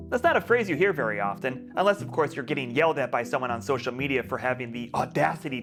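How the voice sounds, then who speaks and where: Lively wry American man narrating. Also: medium pitch, fast talker, few pauses, music in the background. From United States. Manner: wry, sarcastic asides. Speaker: video essayist. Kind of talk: scripted commentary with jokes.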